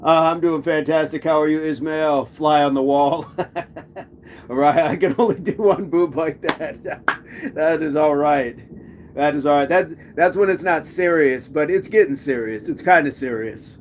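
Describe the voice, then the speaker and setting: A playful man hosts a casual live stream, reading viewer comments aloud and laughing often. His voice sits a little high for a man, and he tends to repeat his phrases. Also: a little slow, slight background noise. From United States.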